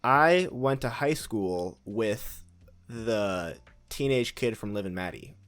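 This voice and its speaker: A man's voice: on the low side, slow pace, soft background music. A young man co-hosting a podcast, eagerly sharing trivia in casual chat. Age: young adult. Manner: excitable, shares trivia with relish. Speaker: podcast co-host.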